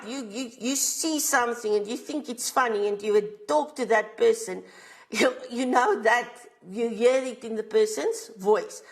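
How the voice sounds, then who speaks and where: A woman with a South African accent, a teacher giving an exam revision lesson. She explains step by step and often checks in with a quick "right?". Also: a little high.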